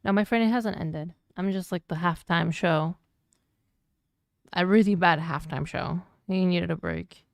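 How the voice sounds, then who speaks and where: Smooth-voiced Latina woman, playful. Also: fairly low pitch, steady tone, unhurried, dry recording, studio quality. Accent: Latin American Spanish. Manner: playful, teasing, chatty. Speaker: streamer's partner answering chat. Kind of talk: casual stream chat.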